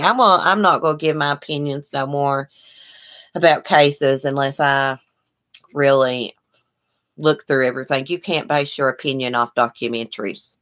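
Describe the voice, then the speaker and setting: A woman's voice: deep voice, fairly bright tone. A woman hosting a casual livestream, reading viewer comments aloud and answering with sympathy in a chatty, folksy way. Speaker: livestream host.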